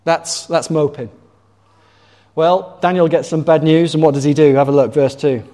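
A man's voice: on the high side, fairly even intonation, moderate pace, dark tone. A man preaching a sermon in a conversational way, asking the congregation questions. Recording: long reverb of a large hall.

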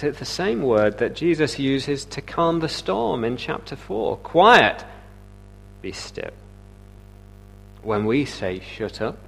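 A man's voice: mid-range voice, gravelly. A man preaching a sermon in a conversational way, asking rhetorical questions and using many "uh" fillers.

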